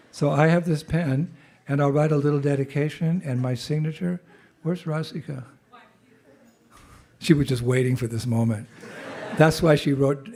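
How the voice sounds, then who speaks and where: A man at medium pitch, his voice a little mellow, speaks as a visiting monk at an informal temple gathering, with faint background noise. He has a cold and clears his throat, but stays chatty, laughing through his story and calling out jai for responses.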